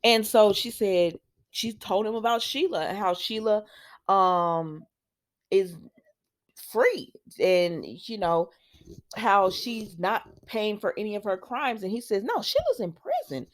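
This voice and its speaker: A woman's voice: mid-range voice, slow. A woman hosting a casual recap vlog of a soap opera, talking straight to her viewers and acting out what the characters said. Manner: animated storytelling, acts out the quoted lines; chatty and informal, talks straight to viewers.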